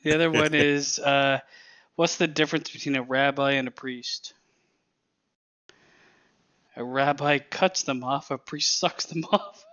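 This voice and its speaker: A man with a bright, sharp voice rattles off crude one-liners and chuckles through his punchlines. His mic sounds dull and lo-fi, as if the top end were cut away. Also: a little high, fairly even intonation, unhurried, pauses often. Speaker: podcast co-host. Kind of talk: casual joke-telling chat.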